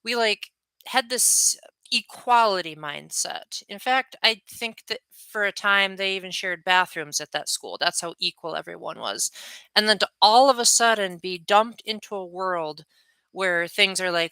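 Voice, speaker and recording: A man's voice: sits high, expressive, unhurried, pushed and bright, clean tone, no room sound. A young man chatting in a rambling, friendly way with viewers on his livestream from home. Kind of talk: casual livestream chat with viewers.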